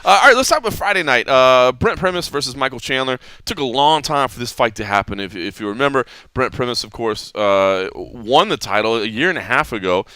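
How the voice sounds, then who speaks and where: A male podcast host with a bright, forceful voice that comes across smooth and resonant. He talks casually and animatedly, often restarting his sentences. The sound is dry and close. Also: mid-range voice, brisk, hardly any pauses, no room sound. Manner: animated storytelling with many restarts. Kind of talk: casual sports chat.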